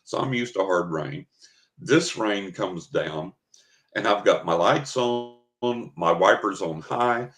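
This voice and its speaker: Deep-voiced older man telling a story. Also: lively intonation, slow pace, fairly bright tone. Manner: vivid, dramatic storyteller who acts out his own thoughts. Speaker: guest. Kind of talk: storytelling interview. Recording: roomy, echoey recording.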